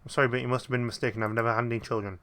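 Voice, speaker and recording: A proud, cold aristocratic lady from a puzzle game, haughty and indignant, read by a man. Bright voice, quick delivery. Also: mid-range voice, level tone, smooth, lightly acted.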